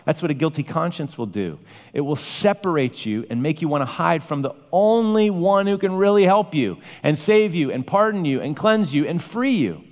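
A man's voice: on the high side, expressive, normal speed, darkish tone. A man preaching a sermon with emphatic, varied delivery, rising to exclamations. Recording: long hall reverb.

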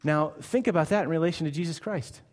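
A man's voice: a little high, fast talker. A male pastor delivering a sermon, emphatic and conversational, firing off rhetorical questions. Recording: long hall reverb.

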